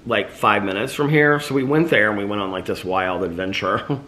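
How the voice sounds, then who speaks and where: A man's voice: on the low side, moderate pace, pushed and bright. A man vlogging casually with a slight lisp and a sore mouth after losing a tooth, rambling about his day with lots of fillers. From United States. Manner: rambling, chatty, filler-heavy. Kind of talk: casual daily vlog chat.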